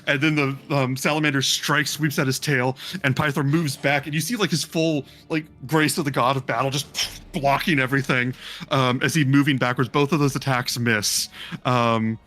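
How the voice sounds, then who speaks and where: A man's voice: mid-range voice, fairly even intonation, moderate pace, bright, forceful tone, faint music behind. A man narrating a tabletop game as game master, rambling with many fillers.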